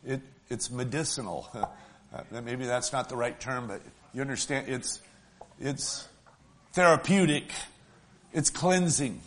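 Emotional preacher man, swelling and hushing. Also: mid-range voice, measured pace. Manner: emotional, swells loud then drops soft; folksy, asks the congregation "right?". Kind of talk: sermon.

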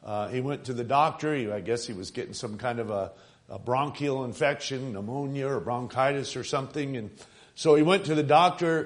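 A man preaching a sermon, earnest and emphatic, stretching key phrases and pausing with fillers between thoughts. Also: mid-range voice.

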